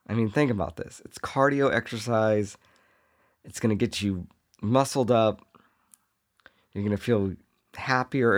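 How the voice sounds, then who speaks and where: A man hosting a comedy podcast, riffing in a jokey monologue and now and then slipping into quick voices for imagined people. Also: medium pitch.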